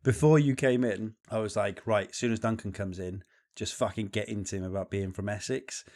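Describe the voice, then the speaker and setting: A man's voice: on the low side, fairly even intonation, brisk, a little mellow. A man from England co-hosting a podcast, in casual, banter-filled chat with casual swearing. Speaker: podcast co-host.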